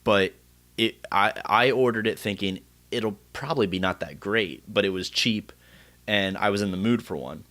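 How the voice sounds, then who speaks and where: A man's voice: lowish voice, moderate pace, fairly bright tone. A man hosting a casual podcast chat, rambling and restarting his sentences as he thinks. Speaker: podcast host.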